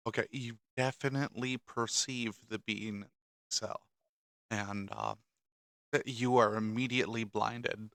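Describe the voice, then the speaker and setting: A man's voice: on the low side, steady tone, a little slow, vocal fry, fairly bright tone, no echo, studio quality. A man running a tabletop game as game master, laid-back and chuckling often.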